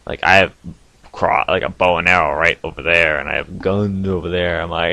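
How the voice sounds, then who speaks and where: A young man telling stories to camera from his home basement in a casual, animated way, with sudden loud outbursts and frequent laughs. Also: low-pitched, normal speed, gravelly, no echo. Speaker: vlogger.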